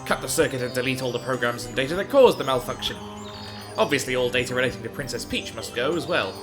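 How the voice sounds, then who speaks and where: A man's voice: medium pitch, lively intonation, quick pace, music in the background, lightly acted. A man voicing a pompous, cruel male villain leader who gloats and barks orders. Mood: gloating. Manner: gloating, commanding, loud.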